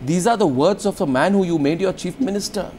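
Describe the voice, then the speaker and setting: A man's voice: sits high, fairly quick, darkish tone, slight background noise. A man anchoring a TV news debate, pressing guests and repeating his demands over them. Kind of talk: confrontational TV debate moderation.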